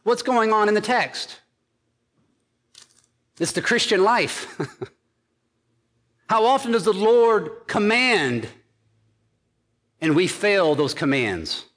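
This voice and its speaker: A man's voice: high voice, sing-song, drawn-out words, pauses often, a bit bright, in a large hall. A man preaching a sermon as pastor, driving his points home with emphatic repeated phrases.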